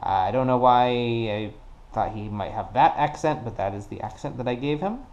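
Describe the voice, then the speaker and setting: A man casually narrating a solo card game play-through, working things out deliberately and counting dice aloud. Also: medium pitch, a little mellow, dull audio. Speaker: board game player.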